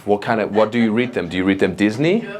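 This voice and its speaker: German guy doing crowd work onstage, lively bouncy voice, crowd laughing loud behind him. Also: on the low side, fast. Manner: animated, laughing, teasing the crowd. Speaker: stand-up comedian. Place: comedy club stage. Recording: live club with loud crowd. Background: audience laughter.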